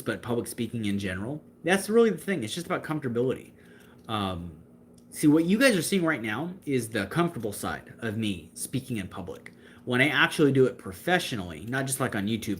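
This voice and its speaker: A young man with a lowish voice chats casually on a livestream, answering viewers in the chat. He's talkative, gestures with his hands, and fills his speech with fillers and restarts. There's slight background noise.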